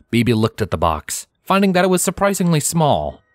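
A man's voice: on the high side, huge pitch swings, brisk, hardly any pauses, dry recording, faint music behind. A man reading a story aloud as narrator, telling it expressively. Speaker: fanfiction reader. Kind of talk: scripted narration.

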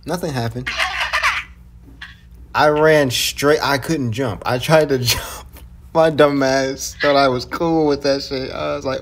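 A man chatting casually while playing a video game, excitable and profane, often yelling at other players. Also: mid-range voice, moderate pace, slight background noise. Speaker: gamer streaming with a friend. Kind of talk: casual gaming chat.

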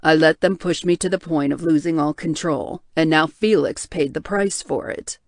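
A woman voicing a wounded, drugged male bear shifter in an audiobook, speaking slowly with heavy guilt. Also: deep voice, a little mellow, dry recording, studio quality, pitched below the performer's own voice. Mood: guilty. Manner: slow, heavy, guilt-laden. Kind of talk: audiobook character voice.

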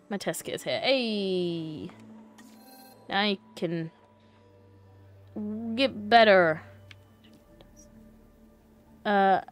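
A young woman streaming a game, chatting to herself and to the characters on screen. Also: mid-range voice. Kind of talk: casual gameplay commentary.

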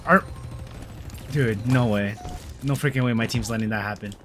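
A young man giving casual, slangy gameplay commentary, swinging between mumbles and loud excited outbursts. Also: lowish voice, moderate pace, music in the background. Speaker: gamer. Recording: game gunfire loud behind voice.

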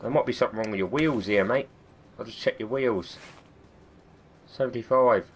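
A man's voice: mid-range voice, normal speed, slight background noise. A man with a cold, giving chatty, self-mocking let's-play commentary and swearing often. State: has a cold. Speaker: gaming video host.

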